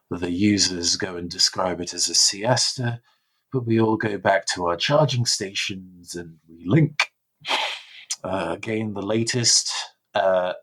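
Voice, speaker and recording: A man's voice: low voice, fairly bright tone, breathy edge, exaggerated voice. A man voicing a bored, smug android attendant in a tabletop role-play, talking in a weary, condescending way.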